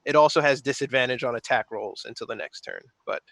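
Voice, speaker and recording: Male player, bright and close, hesitant rules talk. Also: mid-range voice, lively intonation, fast talker, vocal fry, dry recording. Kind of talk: playing a tabletop game.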